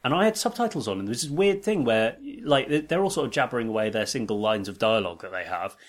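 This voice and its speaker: A man of middle pitch telling anecdotes on a podcast. He is chatty and often tags his sentences with a quick "right?". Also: animated. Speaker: podcast co-host. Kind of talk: casual chat, storytelling.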